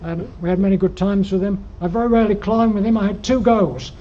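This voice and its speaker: An older man from Yorkshire, invited to speak at an alpine club, rambles through slide-show anecdotes in a lecture room with dry wit and many ums. His voice is fairly high for a man, mellow and dark, with fairly even intonation. The recording sounds dull and lo-fi, faint noise underneath.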